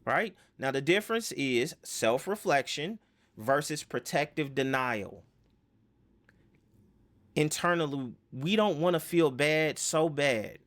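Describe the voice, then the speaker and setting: A man's voice: fairly high pitch, lively intonation, slow, a bit bright. A man giving a casual self-help lesson, rambling with fillers and rhetorical questions.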